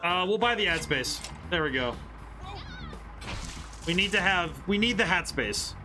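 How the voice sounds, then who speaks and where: A game streamer from the northern United States offers casual, bemused let's-play commentary, giggling and answering back to the characters. The voice is medium in pitch and expressive, at a measured pace, with game music clearly audible beneath it.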